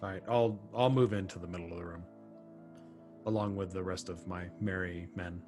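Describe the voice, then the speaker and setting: A man's voice: low-pitched, fairly even intonation, normal speed, darkish tone, faint music behind. A man playing a tabletop game, talking hesitantly and restarting as he works out his character's move. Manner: hesitant, lots of ums and restarts. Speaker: player. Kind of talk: casual tabletop game play.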